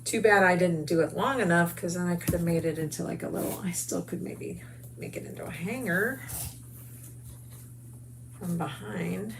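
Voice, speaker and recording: A middle-aged American woman hosts a crafts video, chatting upbeat with viewers as she works, mixing crafting talk with promo. Her voice is fairly low at normal speed, she pauses often, and there's background noise.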